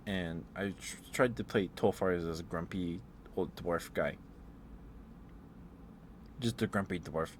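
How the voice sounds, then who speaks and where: A man in a soft-spoken ASMR ramble, telling meandering stories with fillers and chuckles. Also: low-pitched, unhurried, pauses often, slight background noise. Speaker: ASMR streamer.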